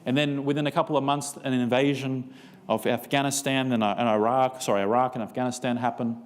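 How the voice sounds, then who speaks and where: A man's voice: medium pitch, steady tone, fairly quick, big-room sound. A man preaching a seminar sermon, telling a story and acting out both sides of a conversation. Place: church.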